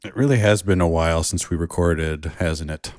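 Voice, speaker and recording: A man's voice: low voice, normal speed, darkish tone. A man co-hosting a casual movie podcast, playful and fond of silly voices, with a Chicago accent. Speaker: podcast co-host. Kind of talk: casual chat.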